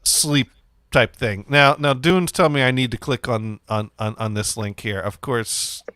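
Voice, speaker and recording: A man's voice: mid-range voice, unhurried, a bit bright, dry recording, studio quality. A man hosting a casual livestream chat, rambling and reading viewer comments aloud. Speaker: streamer host.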